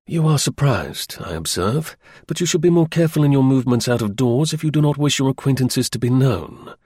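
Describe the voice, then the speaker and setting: A man voicing a calm, stern male detective who gives firm, measured orders in an audiobook reading. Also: medium pitch, breathy edge, dry recording, studio quality.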